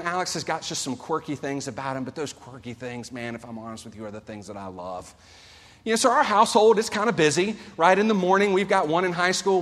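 A man in his forties preaching a sermon as a pastor, earnest and storytelling, swinging between loud and soft. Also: on the high side. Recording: long hall reverb.

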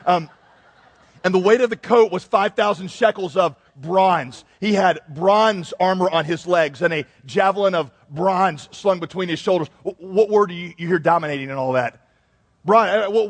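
A man's voice: high voice, slightly rough. A man pastor giving a joking, conversational sermon to his church. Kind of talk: humorous sermon. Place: church sanctuary. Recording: long reverb in a large hall.

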